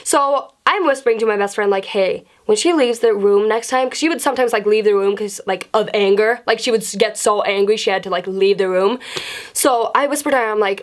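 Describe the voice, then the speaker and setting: A young woman vlogger telling a casual, profane story from school in a chatty, animated way. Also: medium pitch, a little fast.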